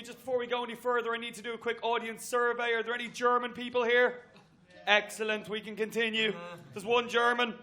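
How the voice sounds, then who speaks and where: An Irish man doing a stand-up set on a comedy stage. He talks briskly and chattily and works the crowd with asides. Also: extremely high pitch, flat delivery, sharp tone. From Ireland. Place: comedy venue stage with audience.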